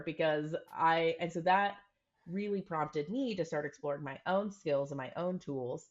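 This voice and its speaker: A woman's voice: low-pitched, measured pace. A woman co-hosting a podcast, talking things through earnestly in casual chat and often acting out quoted examples. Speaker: podcast co-host. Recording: dull lo-fi recording.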